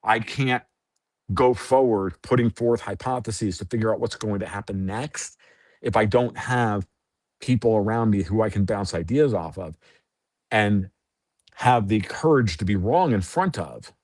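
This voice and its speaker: A man's voice: on the low side, a little slow, darkish tone, no echo. Guy on a podcast, blunt, swears a bit, rambles through ideas, dry sound. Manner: blunt, profane, freewheeling explaining. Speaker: podcast guest. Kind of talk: casual interview chat.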